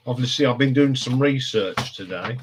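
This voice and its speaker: A man's voice: mid-range voice, a bit bright, slight background noise. Chatty Northampton man rambling on stream. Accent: Northampton English. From England. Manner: chatty, rambling, laughs often. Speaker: live stream host. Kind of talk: casual live chat.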